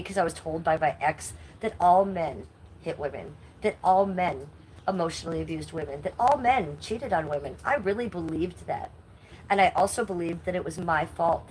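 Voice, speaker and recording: A woman's voice: lowish voice, a little mellow, a little hiss or hum, poor audio. A middle-aged woman with a nasal voice, talking bluntly and indignantly to her chat on a live stream. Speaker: livestreamer.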